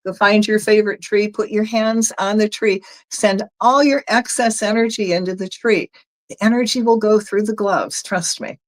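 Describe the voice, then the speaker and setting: A woman's voice: medium pitch, normal speed, poor audio. A woman with a Southern US accent, an energy healer leading a chatty, folksy guided energy work session for viewers. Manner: chatty, folksy, talks viewers through steps.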